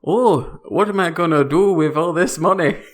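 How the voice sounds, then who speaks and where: An eager young Canadian man talks in a put-on Canadian accent, raised and upbeat, as a man puts him on. He is a comic improv figure, earnest and loud. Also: fairly high pitch, moderate pace, voice pushed up, natural voice. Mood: cheery.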